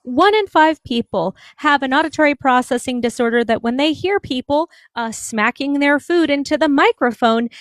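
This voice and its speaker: A woman's voice: high voice, no echo, clean studio sound. A woman hosting a live online debate panel, blunt and sarcastic, scolding callers on a home microphone. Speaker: livestream host.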